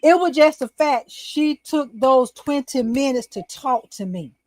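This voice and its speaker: An older woman tells her story in an animated, storytelling way. Her voice sits a little high, and the recording is dry and close, with no room echo. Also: unhurried. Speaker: talk show host, guest. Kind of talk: casual chat, storytelling.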